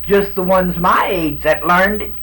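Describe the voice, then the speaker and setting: Unhurried and high-voiced, with a pushed, bright quality, a man in his sixties recounts stories for an oral history interview in his Cajun accent. Hailing from a South Louisiana island, he rambles folksily and restarts often, and the recording itself is rough.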